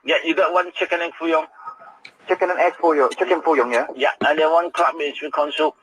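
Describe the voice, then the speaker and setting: Brisk takeaway worker on a call. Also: male voice, on the high side, steady tone, fairly bright tone, a little hiss or hum, poor audio. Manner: brisk, repeats himself. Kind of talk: phone call.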